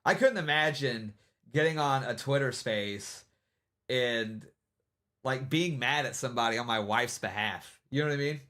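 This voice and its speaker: A man's voice: mid-range voice, animated, normal speed, fairly bright tone. A man hosting a livestream, giving casual, rambling commentary and mocking people, with many repeated "you know what I mean"s. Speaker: livestream host.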